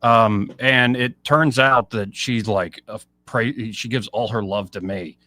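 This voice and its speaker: A man's voice: on the low side, takes it slowly, sharp tone. A man hosting a casual radio talk show, joking and telling rambling stories. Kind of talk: casual chat.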